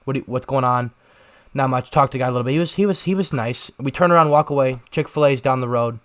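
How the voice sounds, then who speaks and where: A young man co-hosting a podcast, telling a rambling story in casual chat and shouting out the lines he quotes. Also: medium pitch, quick pace. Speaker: podcast co-host.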